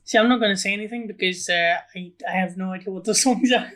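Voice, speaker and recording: Bright-voiced podcast co-host. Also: medium pitch, quick pace. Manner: brief, question-led, reads prompts. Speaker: podcast co-host asking the questions. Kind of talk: casual film podcast chat.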